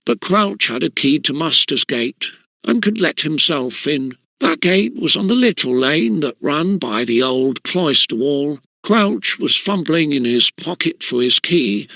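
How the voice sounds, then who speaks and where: A man reading a classic schoolboy story aloud in measured, steady narration. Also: fairly high pitch, vocal fry, dry recording. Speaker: audiobook reader.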